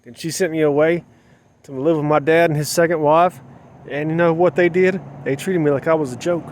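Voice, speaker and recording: A man's voice: a little high, fairly even intonation, brisk, a little hiss or hum. A man talking to his camera in a rambling, emotional way, repeating himself as he questions his own feelings, outdoors. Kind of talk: personal vlog monologue.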